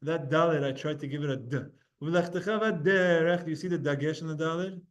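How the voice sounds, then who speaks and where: A man teaching an informal study class, explaining pronunciation casually and chanting verses slowly. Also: fairly high pitch, steady tone. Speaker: Torah teacher.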